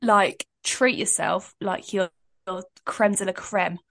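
A woman's voice: mid-range voice, fairly even intonation, takes it slowly, gravelly, fairly bright tone. A young woman co-hosting a podcast, chatting casually in a bubbly way and laughing often. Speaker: podcast co-host. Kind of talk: casual chat.

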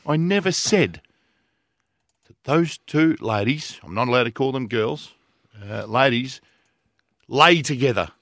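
Gravelly, bright-voiced podcast host. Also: male voice, medium pitch, animated, a little slow, pauses often, no echo, studio quality. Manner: defensive, swearing, repeating himself for emphasis. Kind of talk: casual podcast banter.

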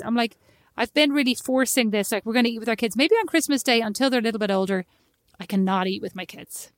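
A woman in her thirties co-hosting a podcast, telling animated stories and acting out her small son's lines in casual chat. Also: fairly high pitch, fast, dry recording, studio quality. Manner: animated storyteller, acts out her kid's lines. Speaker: podcast co-host.

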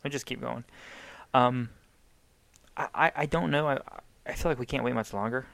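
A man's voice: medium pitch, normal speed, gravelly, a bit bright, dry recording. A young man from the United States co-hosting a podcast in casual, rambling chat, swearing and joking. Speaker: podcast co-host.

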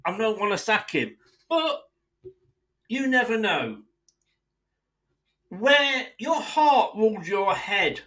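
Man, podcast host, solo rant, indignant, swearing, high-pitched, very lively delivery. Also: rough recording. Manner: indignant, sweary, speaks straight at the club owners. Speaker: football fan podcast host.

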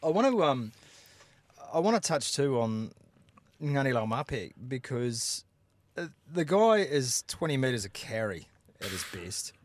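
A New Zealand man co-hosting a rugby chat show, breaking down games in an animated, opinionated way. His voice sits at a middle pitch. The sound is close and dry. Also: a little slow, no room sound. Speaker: podcast co-host.

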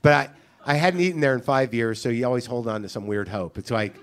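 A podcast host with a mid-range voice talks fast in a casual comedic monologue. He rants through an exasperated, profane story, sounding incredulous as he tells it.

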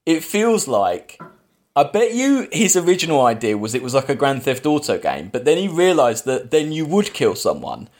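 A man's voice: fairly high pitch, wildly swooping pitch, moderate pace. Man rambling through a plot recap. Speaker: podcast host. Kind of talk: casual film review chat.

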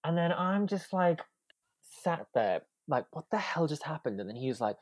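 A man's voice: a little high, very animated, moderate pace, no room sound. A young man, a podcast guest, telling a story animatedly and acting out the quotes with drama. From Wales. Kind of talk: casual storytelling.

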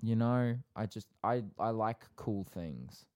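A man co-hosting a casual podcast in a laid-back, joking way. His voice sits fairly low. The sound is dry and close. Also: lively intonation, slow pace, mellow, no echo. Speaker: podcast co-host.

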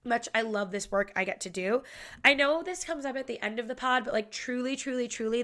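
A podcast host, a young woman with a fairly high, fairly bright voice, talks casually despite the congestion of a head cold. She's effusive and bubbly, and "like" turns up over and over.

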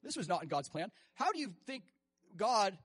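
A male preacher with a high, lively voice that swings widely as he acts out quoted voices and breaks into laughter. The sound is dry and close, with no room in it. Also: moderate pace, breathy edge, no room sound. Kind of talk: sermon.

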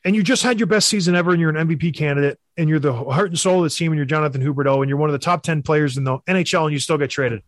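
A man, a former hockey player, co-hosting a casual sports talk show and telling stories with animated emphasis. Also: fairly high pitch, rapid-fire, few pauses, no echo, clean studio sound.

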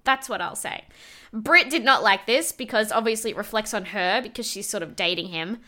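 A woman's voice: medium pitch, a little fast, pushed and bright. A woman co-hosting a podcast, recapping a reality show in casual chat, laughing often and swearing freely. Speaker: podcast co-host.

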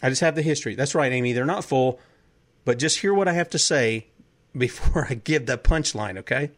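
A man's voice: medium pitch, fairly quick, fairly bright tone. A man hosting a talk show, delivering an impassioned political monologue full of heated rhetorical questions. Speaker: host.

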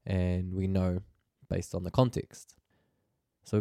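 A man's voice: low voice, level tone, slow, vocal fry, dark tone, dry recording, studio quality. A man teaching a Māori language lesson, explaining phrases patiently and pronouncing them carefully.

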